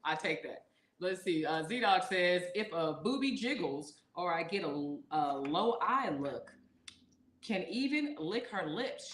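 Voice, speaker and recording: A woman's voice: mid-range voice, a bit bright, roomy sound, a little hiss or hum. A woman co-hosting a casual live podcast with her husband, reading out viewer questions with lots of laughter and teasing. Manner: playful, laughing, reads viewer comments aloud. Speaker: podcast co-host. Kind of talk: casual live-stream chat.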